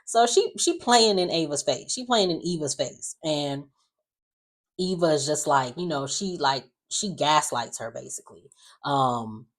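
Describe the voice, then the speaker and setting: A chatty host casually recapping the week's soap episodes. The delivery is loose and opinionated, with plenty of fillers and quick asides. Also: medium pitch.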